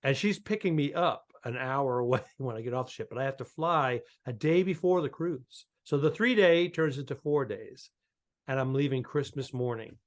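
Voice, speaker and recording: Male podcast co-host, average pitch, chatty anecdote teller. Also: moderate pace. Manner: rambling anecdotes with restarts and quoted dialogue. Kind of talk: casual comedic chat.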